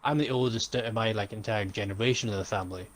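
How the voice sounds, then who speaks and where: A man's voice: lowish voice, fast, poor audio. A young man co-hosting a casual podcast chat, rambling and jokey, swearing often. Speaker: podcast co-host.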